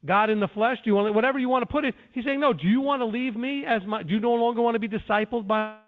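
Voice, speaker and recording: A man's voice: extremely high pitch, racing. A man teaching scripture in an earnest, defensive lecturing way, with frequent restarts. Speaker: Bible teacher. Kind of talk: conference-call teaching. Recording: tinny phone line.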